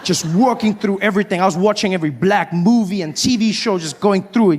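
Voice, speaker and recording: A man from South Africa with a South African accent, performing stand-up comedy with animated storytelling that slips into character voices. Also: high-pitched, brisk, hardly any pauses, background noise. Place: live comedy venue with audience.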